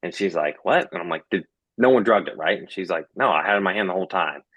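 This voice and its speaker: A young man tells his own story in a casual, rambling way. His voice sits low, and he keeps acting out the conversations and filling gaps with "like" and "um". The recording is close and dry, with no room sound. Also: lively intonation, quick pace, fairly bright tone, dry recording, highs cut off. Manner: retells scenes in quoted back-and-forth, many fillers. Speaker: guest sharing his story.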